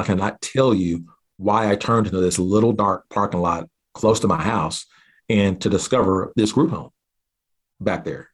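A man from southeastern Oklahoma, a guest earnestly telling a personal story with halting restarts. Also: lowish voice, breathy edge. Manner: earnest, halting restarts, slows down at key moments.

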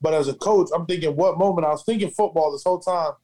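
A man who coaches, on a podcast panel, talking casually and thinking out loud. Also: a little high, fast talker. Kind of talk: casual roundtable chat.

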